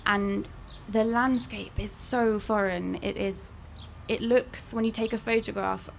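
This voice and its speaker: A woman's voice: mid-range voice, fairly even intonation, measured pace, vocal fry, a little hiss or hum. A young woman author chatting candidly at a bookshop event, telling wry stories about her travels. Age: young adult. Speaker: author guest.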